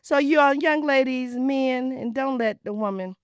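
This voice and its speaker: A woman in her sixties hosts a casual talk show and tells stories with an animated, preachy flair. Her voice sits high, and the recording is dry and close with little room sound. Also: normal speed, smooth, dry recording. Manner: animated, preachy storytelling with Southern Black vernacular. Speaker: podcast host.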